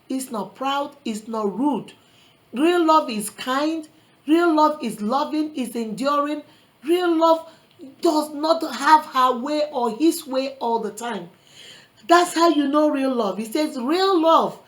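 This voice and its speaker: A woman's voice: high voice, expressive, slow, poor audio. A woman vlogger giving earnest relationship advice in a preachy motivational talk, quoting scripture and calling listeners sister and brother. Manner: quotes scripture.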